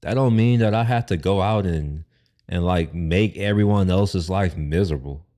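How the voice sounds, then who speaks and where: A man's voice: sits low, moderate pace, mellow. A man from Texas, giving blunt, profane, rambling reaction commentary on clips.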